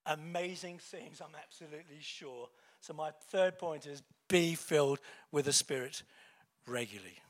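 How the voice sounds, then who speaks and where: High-voiced man preaching. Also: moderate pace. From England. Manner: conversational, with fillers and self-corrections, chuckling asides. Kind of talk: sermon.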